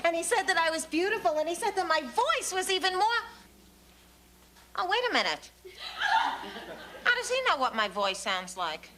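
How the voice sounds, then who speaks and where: An actress playing a brash, man-hungry single woman with a Queens accent, talking loud and excitable in a sitcom. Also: very high voice, normal speed, pauses often, heavy background noise. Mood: brash excited. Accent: Queens New York. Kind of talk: sitcom acting. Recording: sitcom with loud studio audience.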